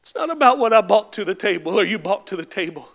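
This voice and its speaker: A man preaching with a very high, bright, forceful voice. He climbs through repeated lines into full shouts, then sinks to a hushed tone and asks the congregation questions. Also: animated, fast, creaky. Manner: builds to impassioned shouted climaxes, then drops to quiet; rhetorical questions and repeated refrains. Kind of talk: sermon.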